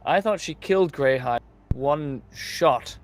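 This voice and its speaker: A man's voice: fairly high pitch, expressive, takes it slowly. A man from Canada playing a tabletop game, playful and theatrical in his comments. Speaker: player. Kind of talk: tabletop role-play chat.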